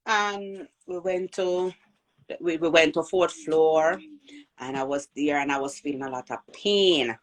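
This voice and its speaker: A woman with a Jamaican accent telling a personal birth story in an animated way, acting out the voices of people she quotes. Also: sits low, unhurried. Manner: animated, acts out quoted voices, repeats and restarts.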